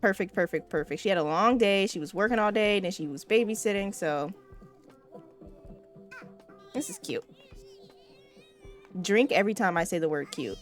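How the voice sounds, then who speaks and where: A woman's voice: mid-range voice, expressive, moderate pace, pauses often, soft background music. Chatty, cussing woman gaming host. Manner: chatty, profane, addresses viewers. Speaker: let's play host. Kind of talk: casual gameplay commentary.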